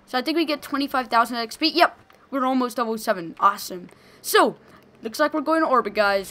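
A young woman giving excited gameplay commentary, gushing and shouting during fights. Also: fairly high pitch, brisk. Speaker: gaming video host.

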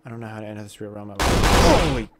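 Heavy background noise surrounds this gaming YouTuber's lowish, sing-song voice as he races through let's play commentary on a horror game. He's jumpy, exclaims with minced oaths, and reads dialogue aloud.

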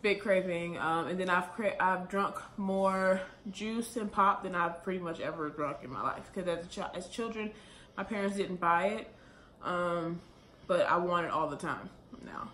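Breathless pregnant woman chatting fast. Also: lowish voice, a bit bright. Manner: chatty, rambling, fast with many fillers. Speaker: vlogger. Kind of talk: casual vlog talk to camera. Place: room at home, late at night. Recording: echoey room with faint ambient noise.

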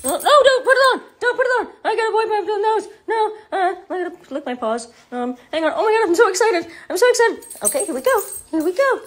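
A woman voicing an overexcited little male pet dog, breathless and squealing with excitement, recorded on a hand-held phone. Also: very high-pitched, fast talker, pitched above the performer's own voice. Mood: squealing excited.

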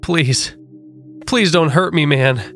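A man's voice: high-pitched, fairly quick, creaky, soft background music, voice pushed up. Man doing Evan, a jittery, terrified young man. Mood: pleading, scared. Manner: pleading, jittery.

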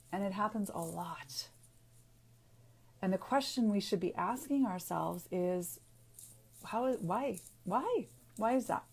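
Woman, naturopathic doctor and author, unscripted personal video; earnest, halting delivery, lots of restarts and fillers, mid pitch. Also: a little mellow, husky. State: getting emotional.

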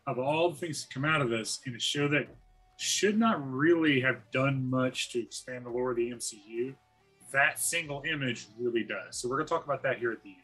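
A man's voice: medium pitch, fairly quick, fairly bright tone, slightly rough, faint music behind, poor audio. A man hosting a casual podcast chat, enthusiastic and handing turns to his guests. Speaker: podcast host.

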